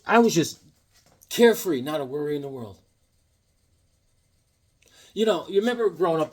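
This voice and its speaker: A man vlogging about his comic haul, telling rambling jokey stories in an animated way and often repeating his words. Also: fairly high pitch, slightly rough. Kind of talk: rambling casual storytelling.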